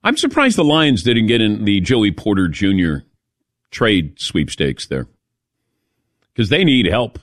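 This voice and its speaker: A man's voice: fairly low pitch, unhurried, long pauses, no room sound, clean studio sound. A man hosting a sports talk radio show, taking calls and giving opinionated takes. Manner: opinionated, lively.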